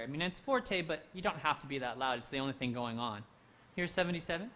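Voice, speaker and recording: A man leading a handbell rehearsal, coaching players through measures and singing the rhythms on nonsense syllables in a relaxed, encouraging way. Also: fairly high pitch, brisk, a little hiss or hum. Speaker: handbell director. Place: home, recorded for a virtual event.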